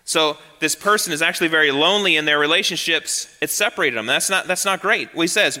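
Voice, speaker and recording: A man preaching a sermon as a pastor, emphatic and swinging to soft, low tones. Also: brisk. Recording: long reverb of a large hall.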